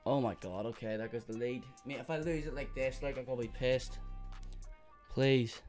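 A young man narrating his online case battles live, agitated and cursing freely. He keeps calling his viewers mate and guys, at a middle pitch, with soft music underneath. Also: moderate pace. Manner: swears a lot, agitated and frantic. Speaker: YouTuber gambling on case openings. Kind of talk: casual live gaming commentary.

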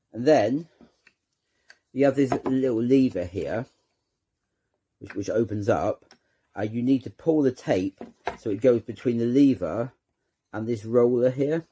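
Guy showing how a gadget works, low mellow husky voice, stops and repeats himself a lot. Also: slight background noise. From United Kingdom. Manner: hesitant, repeats words while handling the object. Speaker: channel host demonstrating a product. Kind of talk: unscripted how-to demonstration.

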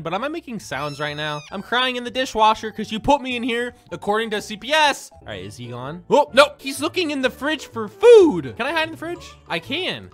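High, lively young man joking over gameplay. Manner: jokey, excitable, yells at other players. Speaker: gaming YouTuber. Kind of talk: comedic gameplay commentary.

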